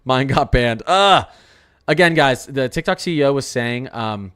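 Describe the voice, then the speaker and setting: Man, weather livestream host, excitable, rambling, smooth resonant voice, casual chat. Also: medium pitch, measured pace. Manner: excitable, rambling, full of exclamations.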